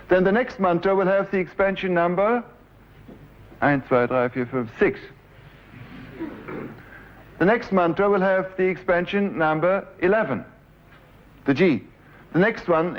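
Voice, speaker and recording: A man in his forties with a German accent, a composer giving a lecture who explains his piece step by step and directs the players, sometimes humming the phrases. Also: sits high. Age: 40s. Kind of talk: lecture with live musical demonstration. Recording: dull 1970s lecture recording. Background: faint piano music.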